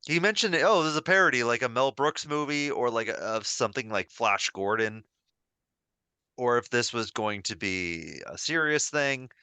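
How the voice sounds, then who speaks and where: A man's voice: mid-range voice, unhurried, clear, resonant tone, dry recording. A man co-hosting a podcast, retelling a story in casual chat with plenty of fillers. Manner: relaxed storytelling with filler words. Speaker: podcast co-host.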